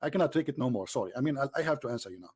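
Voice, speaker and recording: A man's voice: animated, rapid-fire, heavy background noise. A man hosting a heated live debate with a caller, mocking him and talking over him. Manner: mocking, talks over the caller, switches to a low aside voice. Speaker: host.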